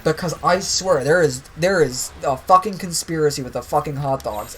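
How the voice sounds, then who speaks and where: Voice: medium pitch, moderate pace, a bit bright, rough recording. Young streamer ranting with profane exasperation. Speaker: streamer playing a video game. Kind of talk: casual ranting commentary while gaming.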